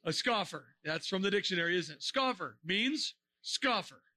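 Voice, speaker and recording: Animated high-voiced male preacher. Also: moderate pace. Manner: animated, joking, rhetorical questions, bursts of shouting. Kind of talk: sermon to a young audience.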